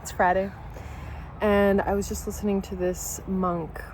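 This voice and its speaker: A woman with a medium-pitched, darkish voice speaks flatly at a measured pace, on poor audio with a little hiss or hum. Vlogging casually at home over breakfast with her dogs, she's candid and swears freely, overwhelmed with emotion and laughing through near-tears.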